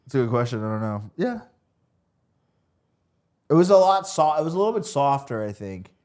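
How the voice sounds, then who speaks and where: A man's voice: mid-range voice, sing-song, normal speed, darkish tone. A young man co-hosting a podcast, chatting casually in a crude, joking way. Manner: crude, joking, riffs into mock impressions. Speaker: podcast co-host.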